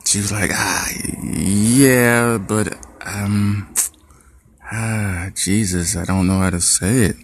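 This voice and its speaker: Low-voiced man telling a family story. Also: takes it slowly, a little hiss or hum. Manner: animated storyteller who acts out quoted dialogue. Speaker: podcast host. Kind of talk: casual storytelling.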